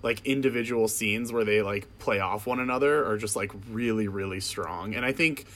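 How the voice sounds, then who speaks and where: Guy chiming in on a movie chat, kinda low voice, lots of uhs. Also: fairly bright tone. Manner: hesitant, halting with fillers. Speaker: podcast co-host. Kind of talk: casual chat.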